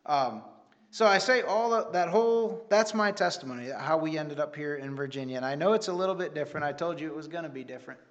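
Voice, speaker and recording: A man's voice: a little high, fast, lo-fi sound. A man giving an earnest, rambling church testimony with many restarts. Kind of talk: sermon testimony.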